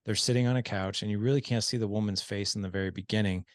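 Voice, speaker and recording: A man's voice: fairly low pitch, fast talker, no echo. A man speaking as a podcast guest about fatherhood, explaining points earnestly and acting out the dialogue in his stories. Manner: animated storyteller who acts out quoted dialogue. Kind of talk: casual podcast conversation.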